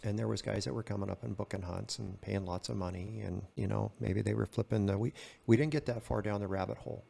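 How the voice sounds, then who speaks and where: Older man, low gravelly voice, casual storytelling, acts out the dialogue. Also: steady tone, fast, dark tone. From California. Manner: acts out both sides of dialogue in his stories. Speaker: retired game warden, podcast guest.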